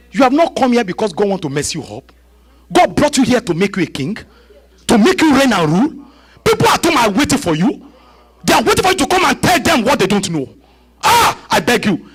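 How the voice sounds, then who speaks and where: A pastor preaching a live church sermon, often shouting and repeating refrains as he leads prayer. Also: sits high, husky, low-quality recording. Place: church service.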